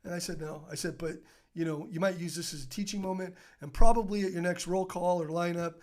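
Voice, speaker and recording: High-voiced man telling a lively war story. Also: a little fast. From United States. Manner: acts out quoted dialogue, swearing, rambling with many fillers. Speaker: podcast guest, business owner. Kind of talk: animated storytelling in casual conversation.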